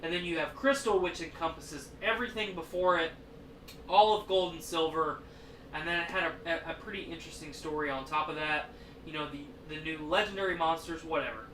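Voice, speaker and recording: A man's voice: a little high, fairly quick, fairly bright tone, a little hiss or hum. A man hosting a podcast in casual chat, a rambling storyteller who swears a lot. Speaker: podcast host. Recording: echoey room, distant mic.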